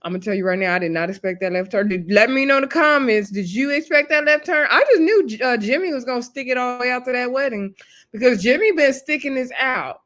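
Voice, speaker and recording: A woman's voice: a little high, fast. Chatty woman recapping reality TV. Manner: chatty and expressive, drops into slang and acts out quotes. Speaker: YouTube reality-TV reviewer. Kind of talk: casual recap chat to camera. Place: home setup with a ring light.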